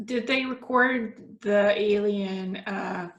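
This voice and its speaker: A woman hosting an interview, explaining things in a measured way. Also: medium pitch, dull audio, crowd noise. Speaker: interview host. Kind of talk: interview conversation. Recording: echoey room.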